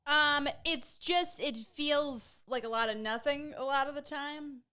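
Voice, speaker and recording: A woman co-hosting a comedy podcast, offering wry, measured commentary in casual chat. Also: high-pitched, bright, forceful tone. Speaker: podcast co-host.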